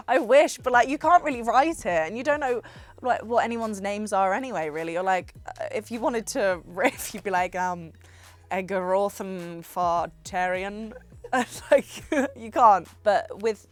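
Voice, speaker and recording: A woman in her twenties, an actress guest on a radio show, chatting casually with giggly, animated storytelling. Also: on the high side, normal speed. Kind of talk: casual chat. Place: radio studio.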